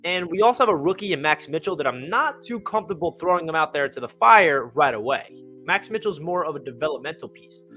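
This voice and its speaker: A young man talking casually and with excitement about his football team, rambling and full of fillers, with hiccups. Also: fairly high pitch. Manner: rambling, enthusiastic, many fillers. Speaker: fan channel host.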